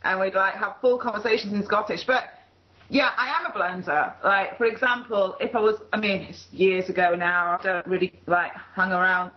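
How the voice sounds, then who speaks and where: A woman's voice: medium pitch, fairly even intonation, normal speed, dull audio. Chatty Yorkshire woman on a call. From Leeds area, England. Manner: chatty, rambling, laughs easily. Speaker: call participant. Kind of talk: casual conversation. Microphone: video call.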